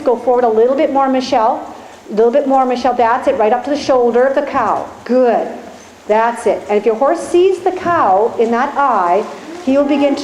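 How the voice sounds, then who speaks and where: A riding instructor with a fairly high voice coaches riders live during a lesson, encouraging and directive as she talks through instructions. Her steady directions are recorded in an echoey indoor arena with faint background noise.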